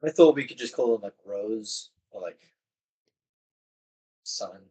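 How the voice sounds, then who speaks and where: A man's voice: fairly low pitch, animated, slow pace, warm tone, breathy edge, rough recording. A man playing in a tabletop game, rambling and giggling, with lots of fillers. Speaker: player. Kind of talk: casual tabletop game chat.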